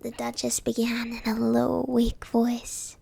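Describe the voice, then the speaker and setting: High, husky whispering woman storyteller. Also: completely flat delivery, slow pace, dry recording. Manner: soft unvoiced whispering. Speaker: streamer reading a bedtime story. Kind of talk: whispered role-play.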